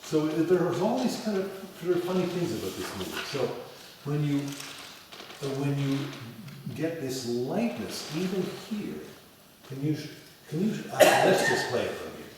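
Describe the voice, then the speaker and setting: A man teaching piano in a lecture and demo lesson before an audience, talking in an animated way and singing phrases as da da da. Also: on the high side, a little slow, background noise. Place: large echoey hall with an audience. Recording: echoey hall from far off. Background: piano playing.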